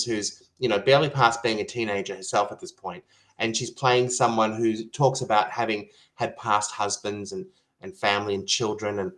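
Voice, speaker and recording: A man's voice: lowish voice, a bit bright, low-quality recording. Enthusiastic man guest on a podcast. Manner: enthusiastic, hesitant with fillers. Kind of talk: conversational podcast discussion.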